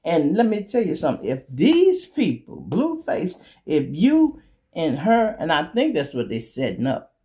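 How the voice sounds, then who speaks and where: A man's voice: a little high, huge pitch swings, unhurried, dark tone. A male show host telling a blunt, profane comedic story in a streetwise manner.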